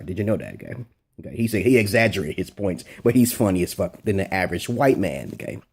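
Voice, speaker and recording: Male vlogger, husky, blunt and crude, loose off-the-cuff advice monologue. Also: medium pitch, a little mellow. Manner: blunt, rambling and crude, with frequent "okay?" check-ins.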